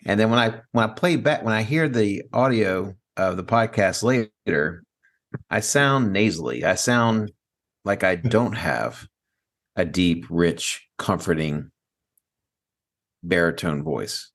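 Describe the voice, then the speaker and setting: A man with a very low voice co-hosts a relaxed podcast, trading jokes and laughing at his own expense. He talks into a studio microphone. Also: takes it slowly. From Maryland, USA. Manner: self-deprecating, joking, laughs often. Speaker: podcast co-host. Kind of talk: casual podcast banter. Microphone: studio microphone with headphones.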